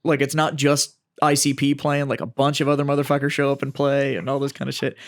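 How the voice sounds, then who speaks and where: A man's voice: medium pitch, monotone, fast, no room sound, studio quality. A man co-hosting a podcast, telling rambling, profane stories with lots of fillers. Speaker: podcast co-host. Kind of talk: casual chat.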